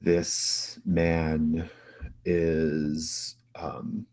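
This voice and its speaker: A man's voice: very deep voice, monotone, drawn-out words, a little mellow. A man narrating a tabletop game as game master, rambling with many restarts.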